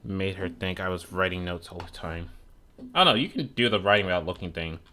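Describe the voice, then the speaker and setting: A man's voice: deep voice, fairly quick, sharp tone, a little hiss or hum. A young man streaming a video game, chatting in a rambling, profane, sarcastic way. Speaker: gaming streamer. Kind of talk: casual chat while gaming.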